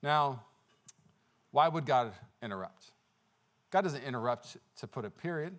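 A male pastor preaching a sermon in a conversational, animated way, with frequent fillers and restarts. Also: medium pitch, a little slow.

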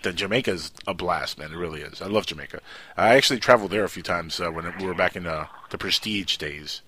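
A man hosting a radio show, chatty storyteller who drops his voice low for asides. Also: quick pace, sharp tone, slightly rough. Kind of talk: casual radio chat.

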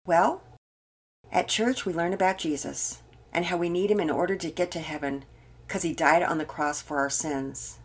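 A woman's voice: lowish voice, moderate pace, husky. An older woman voicing an earnest young girl speaking sincerely.

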